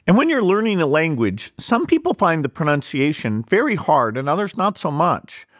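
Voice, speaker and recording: A man's voice: fairly high pitch, big pitch swings, normal speed. A man hosting a podcast interview, talking casually and hesitantly with fillers. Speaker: podcast host. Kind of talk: conversational interview.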